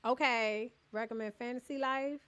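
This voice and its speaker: A woman's voice: fairly high pitch, fairly even intonation, normal speed, fairly bright tone, smooth. A woman live-streaming a cozy decorating game, chatting casually with her chat, greeting and thanking viewers by name, teasing them playfully and laughing often.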